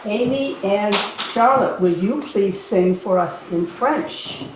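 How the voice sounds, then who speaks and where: A woman's voice: mid-range voice, slow, recorded from a distance, close to an everyday voice. A woman playing a strict 1800s village schoolmistress in a living-history classroom reenactment, prim and scolding with the pupils. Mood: stern. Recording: echoey room from afar, noisy.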